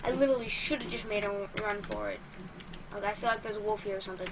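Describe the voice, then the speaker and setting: A woman giving excitable let's play commentary while she plays, exclaiming and talking to herself. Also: on the high side, fairly quick, pauses often, slight background noise. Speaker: gamer.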